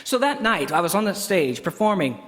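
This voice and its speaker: A man's voice: sits high, sing-song, normal speed, fairly bright tone. A man hosting a show, telling a comic story with a wry, self-deprecating delivery. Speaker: comedic musician and host. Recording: long hall reverb with banjo music.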